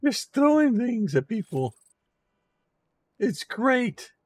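Woman streamer, game commentary, giggly, unhurried, animated. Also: a little high, breathy edge, no room sound. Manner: giggly, amused. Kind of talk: let's-play commentary.

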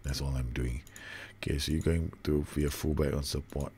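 A man's voice: extremely low pitch, fairly even intonation, brisk, warm tone, slight background noise. A man commentating on his own football management game, groaning and exasperated at his team. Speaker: gaming YouTuber.

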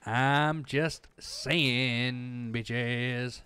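Man, let's-play commentary, swearing, sarcastic, unhurried, noisy recording with clicks. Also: mid-range voice, fairly even intonation, pushed and bright. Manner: swearing, sarcastic, talks back at the game. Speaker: gamer playing through a game.

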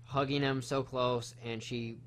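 A man's voice: medium pitch, level tone, unhurried, a bit bright, slight background noise. A man hosting a casual film review chat, retelling the plot in a rambling, profane way with lots of fillers.

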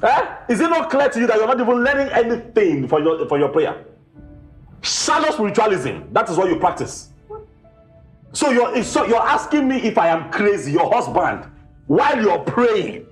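A man doing a Nigerian husband, exasperated, lecturing, animated pitch, light music. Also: normal speed. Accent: Nigerian English. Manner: exasperated, repetitive, sermonizing. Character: irritable husband Boma, tired after work. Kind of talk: Nollywood film acting. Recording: echoey room with music.

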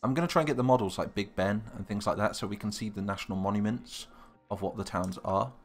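A man's voice: fairly low pitch, fast talker. A young British man live-streaming, chatting casually and thinking aloud while answering viewers' comments. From Britain.

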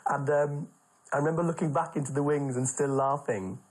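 A man's voice: a little high, brisk, slightly rough, poor audio. A middle-aged Welsh man, a comedian, telling chatty backstage anecdotes in an interview and acting out the people in them. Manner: chatty, animated, acts out the people in his stories.

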